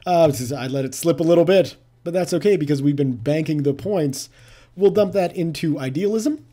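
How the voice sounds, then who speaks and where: A man's voice: a little high, fairly quick, dark tone. A man giving casual let's-play commentary, thinking aloud with playful asides. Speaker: gameplay commentator.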